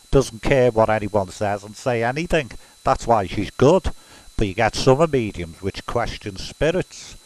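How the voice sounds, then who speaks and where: A man's voice: mid-range voice, poor audio. A man from Liverpool with a Scouse accent, talking in a rambling casual monologue full of fillers and restarts as a self-described medium. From Liverpool, England.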